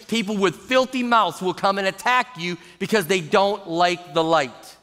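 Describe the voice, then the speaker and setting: Animated pastor preaching in a big hall. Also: male voice, sits high, moderate pace, hardly any pauses. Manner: animated, acts out quoted people in shifting voices. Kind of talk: sermon. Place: large church auditorium. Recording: long hall reverb.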